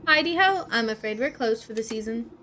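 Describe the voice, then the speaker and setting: A nervous little beekeeper fusses and stammers in a high, eager voice, played by a woman. He fawns over his beloved queen, anxious to please. His voice is light and bright. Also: animated, a little fast, slight background noise. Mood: cheerful. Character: timid lovesick male beekeeper, eager to please.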